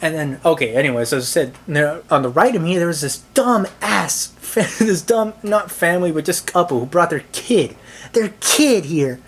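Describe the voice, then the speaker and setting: A man's voice: fairly high pitch, animated, a bit bright, husky. A man tells a camera how a movie night went wrong, swearing often and sounding thoroughly exasperated. His delivery rambles, stumbling through restarts and filler words as he complains. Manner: halting, full of restarts and "like". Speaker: movie reviewer. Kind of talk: ranting movie-theater story.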